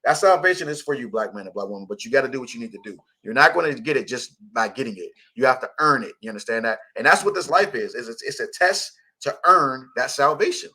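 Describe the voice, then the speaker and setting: A man's voice: medium pitch, expressive, quick pace, few pauses, pushed and bright, husky. A man hosting a radio show, teaching scripture in casual talk, blunt and profane, laughing often.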